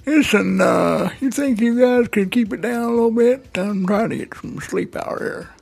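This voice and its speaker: Brief: forgetful deaf old grandpa, high-pitched and gravelly, shouts and rambles, as a man puts him on. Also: normal speed, heavily acted. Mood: doddering.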